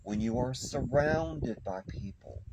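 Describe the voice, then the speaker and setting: A man giving a spiritual tarot reading, speaking slowly with soothing repetition. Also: medium pitch, noisy background. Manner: slow, repetitive, soothing delivery. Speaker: tarot reader.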